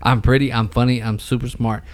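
A man's voice: mid-range voice, flat delivery, a little fast. Man, 30s, podcast co-host, casual chat, swears a lot, jokey, laughs at himself. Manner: profane, laughing, self-mocking.

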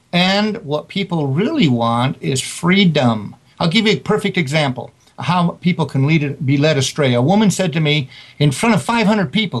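A man who is an author and guest, telling motivational stories in an interview with emphatic delivery. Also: a little high. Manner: emphatic, tells anecdotes with quoted dialogue.

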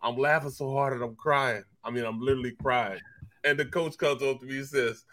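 A former football player co-hosting a sports talk show, a man spinning animated locker-room stories. He laughs through his tales and repeats words for emphasis, in an ordinary middle-range voice. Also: medium pitch, a little fast. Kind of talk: casual storytelling chat.

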